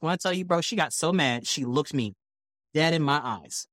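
A man who is a podcast guest, telling stories in a casual, animated way, acting out other people's lines and laughing as he goes. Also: a little high, moderate pace, no echo, studio quality. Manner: animated, acts out quotes in shifting voices. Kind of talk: casual storytelling.

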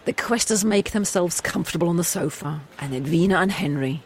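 A woman's voice: on the low side, fairly quick, slightly rough. A woman narrating an improvised comic story, playful and giggly. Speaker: storyteller and co-host.

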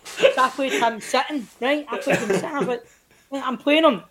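A man in his late thirties with a Glaswegian Scottish accent, telling a story as a guest in casual chat, animated and sweary, acting out quotes in big swings of pitch. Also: fairly quick, heavy background noise. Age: late 30s. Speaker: podcast guest, actor.

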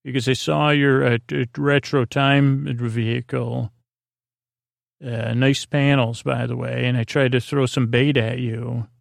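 A man's gravelly, creaky voice drifts through a bedtime retelling with almost no rise or fall. He meanders and stumbles over his words, restarting sentences and filling gaps with "uh". The sound is close and dry, with no room around it. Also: medium pitch, level tone, no echo. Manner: halting and meandering, many fillers and restarts. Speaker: podcast host. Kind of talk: rambling bedtime retelling of a TV episode.

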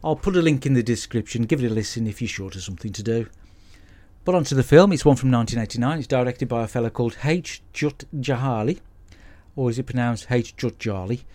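Male podcast host, deadpan and sweary, dry comic film recaps. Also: mid-range voice, fast. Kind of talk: comic film review monologue.

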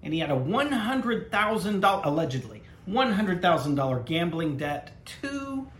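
Sitting high in pitch with wide swings and a fairly bright tone, this podcast co-host talks at normal speed. He's wry and relaxed, ribbing his partner and sharing bits of history, while the roomy recording carries faint background noise.

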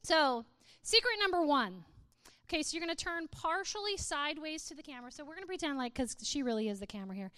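A woman's voice: high-pitched, animated, fast talker, a bit bright, no echo. A woman speaking to a live audience in a playful, humorous way, often laughing and reading aloud with mock drama.

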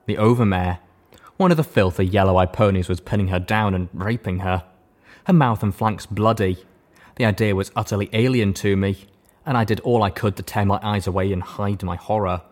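Low-voiced man narrating an audiobook. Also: steady tone, normal speed, a little mellow.

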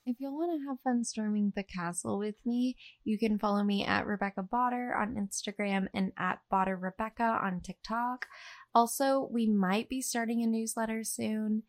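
A woman's voice: a little high, fairly even intonation, normal speed. A woman, co-hosting a podcast in a casual, enthusiastic chat. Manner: chatty, enthusiastic, playful. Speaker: podcast co-host.

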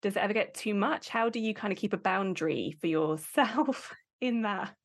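A woman's voice: medium pitch, moderate pace, vocal fry. A British woman hosting a podcast, asking long, thoughtful questions. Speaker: podcast host. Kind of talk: conversational podcast interview.

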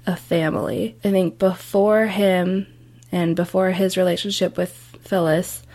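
A woman's voice: lowish voice, a little mellow. A young woman recalling memories of her grandfather in a casual, chatty way with many fillers. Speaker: interviewee, grandchild. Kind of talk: personal recollection.

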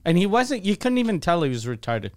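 A man's voice: sits high, sing-song, a little fast, darkish tone, no room sound. A man co-hosting a podcast, chiming in with wry, crude jokes in casual banter. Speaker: podcast co-host.

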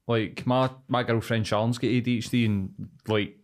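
Sweary Scottish podcast co-host. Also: male voice, mid-range voice, fairly even intonation, moderate pace. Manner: sweary, tangent-prone questions. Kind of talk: casual podcast chat.

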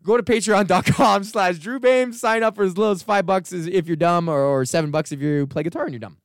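Profane ranting comedian, smooth dry voice. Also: male voice, high-pitched, fairly quick, no room sound. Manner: profane, rambling, animated storytelling. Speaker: comedian podcast host. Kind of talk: casual ranting monologue.

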